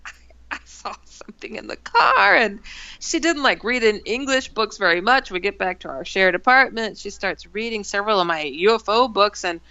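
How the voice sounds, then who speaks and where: A woman from Milwaukee, an author being interviewed, who tells her story in an animated way and acts out the dialogue. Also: medium pitch, moderate pace, smooth. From Milwaukee, USA. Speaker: author and guest. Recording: dull lo-fi, dry.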